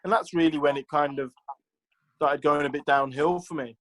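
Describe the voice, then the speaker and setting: A man's voice: on the high side, steady tone, normal speed, fairly bright tone, poor audio. A man who is a former professional footballer, telling stories casually as an interview guest, with lots of "like" and "you know" and acted-out quotes.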